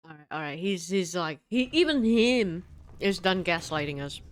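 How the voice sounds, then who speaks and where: A woman's voice: lowish voice, expressive, normal speed, smooth. A young woman live streamer giving casual, giggly, chatty commentary while she plays.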